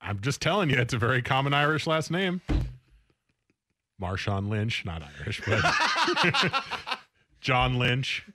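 A man's voice: medium pitch, huge pitch swings, takes it slowly, long pauses, pushed and bright, slight background noise. A man co-hosting a sports radio show, laid-back and laughing often as he trades jokes. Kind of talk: bantering sports radio chat.

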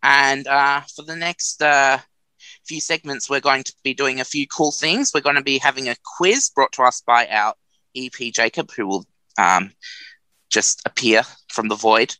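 A man's voice: mid-range voice, moderate pace, pushed and bright, smooth, no echo, rough recording. Rambling, self-mocking young radio co-host man. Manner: rambling, self-mocking, laughs at own jokes. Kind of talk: casual radio chat.

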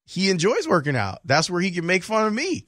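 A man's voice: sits high, wildly swooping pitch, a little fast, a bit bright, dry recording, studio quality. A man hosting a sports radio show, telling stories in a jokey, self-mocking way. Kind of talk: casual sports radio chat. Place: radio studio.

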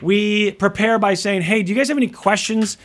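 A middle-aged man co-hosting a casual podcast, telling animated stories with swearing. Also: high voice, moderate pace. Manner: animated storytelling, swearing, mimics others. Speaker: podcast co-host.

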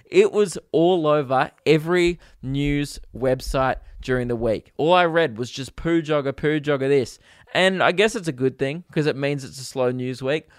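An Australian man hosting a comedic podcast, rambling crudely and jumping into loud put-on voices. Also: fairly high pitch, moderate pace, no room sound, studio quality. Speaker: podcast host. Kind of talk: comedic solo podcast rant.

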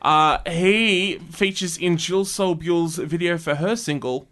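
A man hosting a casual music review chat, animated and quick to act out quotes. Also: high voice. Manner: animated, acts out quotes with laughs. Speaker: host.

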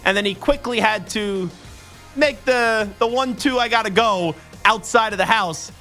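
A man's voice: high voice, unhurried, bright, forceful tone, faint music behind. A man hosting a sports radio show, bantering and giving blunt opinions in a casual, joking way.

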